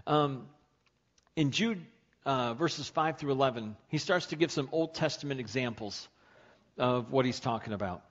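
A man's voice: mid-range voice, normal speed, highs cut off. A man preaching a sermon in a conversational, emphatic way, often asking the congregation questions. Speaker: pastor.

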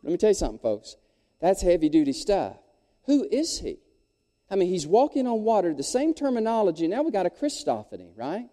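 A male pastor delivers an animated sermon and calls out to his congregation. His voice sits high and swings widely in pitch, with a very dark, mellow tone. A long hall reverb trails behind every phrase. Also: brisk. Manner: animated preaching with crowd call-and-response. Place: church sanctuary.

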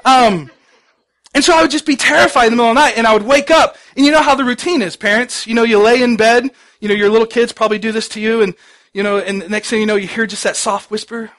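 A pastor giving a sermon, telling stories in a conversational way with many fillers. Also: male voice, very high-pitched, fairly even intonation, fast talker, fairly bright tone. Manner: conversational storytelling with frequent fillers.

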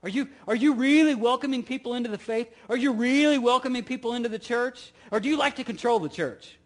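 A middle-aged pastor talks fast in a very high-pitched voice as he preaches, repeating key phrases and posing rhetorical questions to listeners. He swings from loud emphasis to soft asides.

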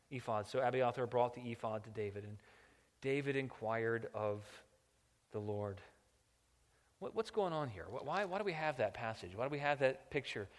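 A man preaching a sermon as pastor, moving between quiet reflective passages and loud impassioned ones. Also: medium pitch, lively intonation, normal speed, in a large hall.

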